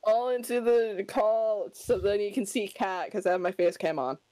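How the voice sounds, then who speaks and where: A woman's voice: mid-range voice, normal speed, very noisy. A woman on a call, chatting casually about her cats, easygoing and giggly. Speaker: cat owner guest on the call.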